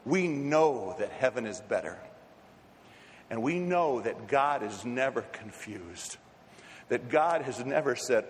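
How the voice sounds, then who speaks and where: A man preaching a sermon as a pastor. He talks with passion, swinging from hushed to loud, and often repeats words as he starts a phrase. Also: mid-range voice, lively intonation, takes it slowly, long reverb tail, slight background noise.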